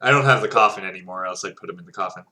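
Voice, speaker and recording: A man's voice: low voice, racing, sharp tone. A man playing a tabletop game, joking and laughing as he describes his actions. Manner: laughing, playful. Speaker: player. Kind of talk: casual tabletop play.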